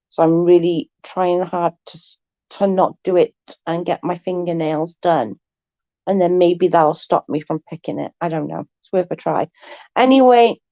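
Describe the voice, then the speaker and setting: A woman's voice: on the low side, dark tone, no room sound, muffled recording. Tired chatty woman with a stutter. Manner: chatty, trails off into restarts; mild stutter. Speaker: live-stream host. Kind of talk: casual chat with viewers.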